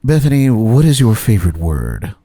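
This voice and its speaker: A man hosting a show, putting on a slow, soothing interviewer voice for a spoof segment. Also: fairly low pitch, wildly swooping pitch, warm tone. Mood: mock-formal. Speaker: host. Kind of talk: mock interviewer impression.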